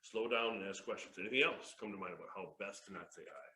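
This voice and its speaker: A man in his fifties presenting a sales workshop, an excitable, jokey storyteller who laughs often. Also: lowish voice, fast. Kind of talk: lively workshop talk with stories. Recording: echoey room.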